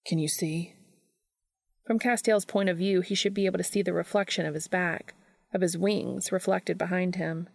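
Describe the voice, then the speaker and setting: A woman calmly reading fan fiction aloud in an unhurried narrating voice. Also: on the low side, creaky, dry recording, clean studio sound. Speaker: reader.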